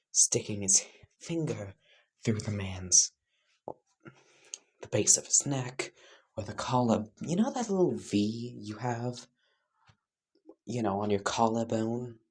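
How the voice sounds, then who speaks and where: A man improvising a fan fiction story out loud in a casual, rambling way. He speaks slowly with a husky voice, full of fillers, often sinking into a whisper. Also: mid-range voice. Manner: loose, rambling, many fillers, drops into whispers.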